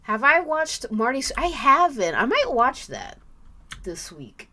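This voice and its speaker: A woman's voice: sits high, very animated, unhurried, sharp tone. A young woman streaming while she draws, chatting casually and rambling with the odd swear word. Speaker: art streamer.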